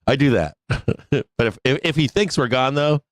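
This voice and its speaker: A man's voice: medium pitch, moderate pace, no echo. A man hosting a live stock trading show, chatting casually, rambling and swearing freely, often breaking into laughter. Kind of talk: casual live-stream talk.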